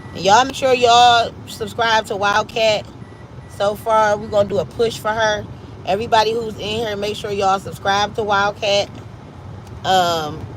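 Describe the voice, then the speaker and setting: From her home, a Midwestern woman from Cleveland hosts a laid-back livestream, talking in a medium-pitched voice. She's upbeat and chatty, prompting viewers to subscribe to friends' channels. The audio is poor, and slight background noise comes through.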